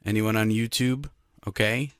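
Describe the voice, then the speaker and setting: A man co-hosting a podcast, telling an emphatic, animated story in casual chat. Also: fairly low pitch, normal speed, dry recording, studio quality. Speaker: podcast co-host.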